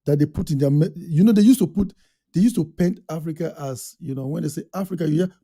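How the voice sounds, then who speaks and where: A man's voice: fairly high pitch, fast, warm tone, breathy edge, dry recording, studio quality. A man co-hosting a casual chat show, talking conversationally and often agreeing and chiming in.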